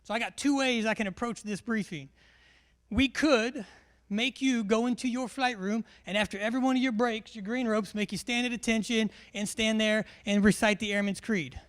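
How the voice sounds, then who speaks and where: A man, a military instructor giving a live classroom briefing in a large hall, joking and quizzing his audience. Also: high voice.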